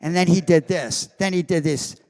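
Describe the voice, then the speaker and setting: A man telling an anecdote to a live convention audience as guest of honor, acting out the quoted lines with animated delivery. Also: a little high, moderate pace. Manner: animated storyteller who acts out quoted lines. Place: convention hall. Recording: long reverb of a large hall.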